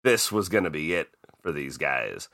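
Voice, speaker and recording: A man from Chicago, co-hosting a casual podcast and telling stories in a lively, profane way. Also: very deep voice, moderate pace, no echo, studio quality. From Chicago, USA. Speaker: podcast co-host.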